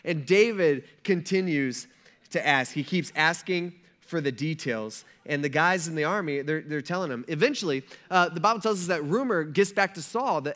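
Male pastor, animated joking sermon delivery, bright forceful tone. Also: on the high side, normal speed. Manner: animated, joking storytelling with asides to the congregation.

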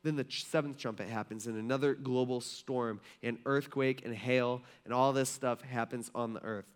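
A man's voice: medium pitch, steady tone, moderate pace. A male pastor giving a casual sermon, talking conversationally with many fillers and asking the congregation questions. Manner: conversational, filler-heavy, asks the room questions.

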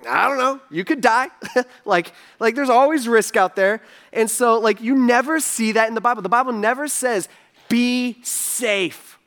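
This pastor's voice is very high and a bit bright, moving at normal speed through an easygoing sermon. He leans on "like" constantly and performs the voices of the characters he quotes.

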